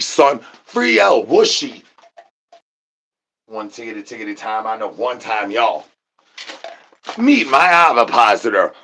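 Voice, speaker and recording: A husky-voiced man barrels through an absurd comedy rant, stacking rhyming nonsense slang and stammering over repeated words. He breaks out shouted catchphrases along the way. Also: mid-range voice. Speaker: comedy channel host.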